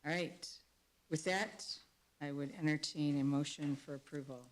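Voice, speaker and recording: A woman with a low voice chairs a school board meeting. She calls for motions and reads formal resolutions aloud in a steady, businesslike way. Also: moderate pace, poor audio.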